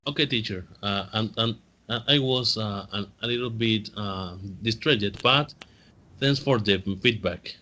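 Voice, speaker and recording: Bright-voiced male student, hesitant. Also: fairly low pitch, unhurried. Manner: careful, hesitant speech with fillers. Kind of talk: student answering in class.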